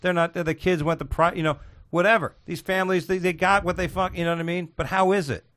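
A man's voice: sits high, fairly even intonation, fast talker, a bit bright. A man ranting in heated casual conversation, swearing often and restarting his sentences. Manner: ranting, profane, many restarts.

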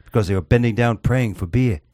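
A man's voice: medium pitch, brisk, dark tone, no echo, studio quality. A man hosting a casual comedy podcast, joking and rambling as he reads out a news story. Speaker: podcast host.

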